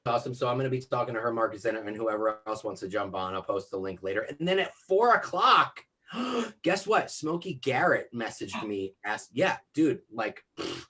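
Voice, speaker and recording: A man's voice: fairly low pitch, lively intonation, brisk, few pauses, bright, forceful tone, slightly rough. A man hosting a casual video call chat, rambling along with lots of likes and you-knows. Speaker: host.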